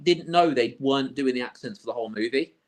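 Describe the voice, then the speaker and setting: A man's voice: medium pitch, fast. A man, co-hosting a casual film podcast and rambling as he thinks aloud. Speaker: podcast co-host. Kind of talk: casual film-review chat.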